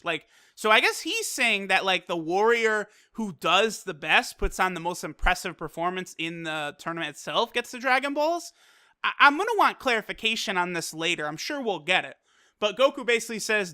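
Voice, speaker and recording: A man's voice: high voice, lively intonation, moderate pace, bright, forceful tone, smooth. A man reviewing an anime episode, hyped and profane, acting out the characters' lines as he recaps.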